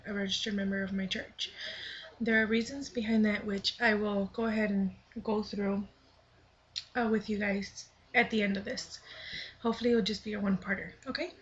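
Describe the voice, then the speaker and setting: A woman's voice: medium pitch, dull audio, a little hiss or hum. A woman in her twenties reflecting earnestly in a personal vlog, partly reading her own blog aloud, sometimes dropping to a near whisper. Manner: earnest, thoughtful, with soft half-whispered stretches. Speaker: vlogger.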